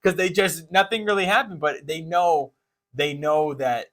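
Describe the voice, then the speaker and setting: A young man co-hosting a podcast, chatting casually and excitedly about a film, rambling with many restarts and fillers. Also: a little high, a little slow. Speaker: podcast co-host. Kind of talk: casual movie chat.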